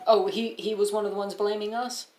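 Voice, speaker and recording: A woman player in a tabletop game, speaking casually and hesitantly with frequent pauses. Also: mid-range voice, fairly even intonation, a little mellow. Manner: hesitant, filler-heavy. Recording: roomy room, faint noise.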